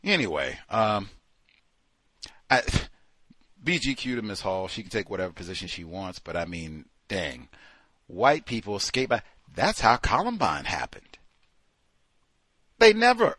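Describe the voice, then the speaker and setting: A man's voice: medium pitch, a bit bright, dry recording. A man hosting a call-in show, giving emphatic, sarcastic commentary. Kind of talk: talk radio commentary.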